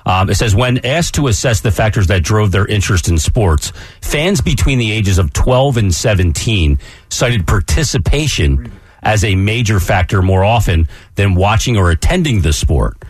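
A man's voice: on the low side, animated, normal speed, slightly rough, no echo. A man co-hosting a sports radio show, chatting casually and reading ads in an easygoing way. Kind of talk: casual radio chat and live read.

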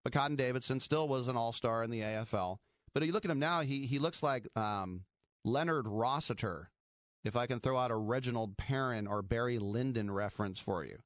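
A man's voice: mid-range voice, a little fast, dry recording, clean studio sound. A middle-aged man hosting sports radio, chatting in a wry, rambling way and laughing at his own jokes. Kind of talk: casual sports talk radio.

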